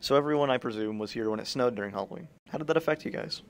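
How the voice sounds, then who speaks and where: A man's voice: medium pitch, rapid-fire. A teenage boy hosting a casual school podcast, asking short questions and teasing his guests. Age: teens. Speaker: host.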